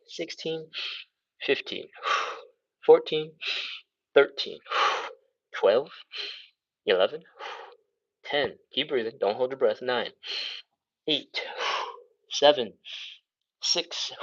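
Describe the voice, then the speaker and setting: A man's voice: mid-range voice, dull audio. A man leading a live stretching workout, giving upbeat cues, counting down and breathing audibly as he stretches along. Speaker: stretching instructor.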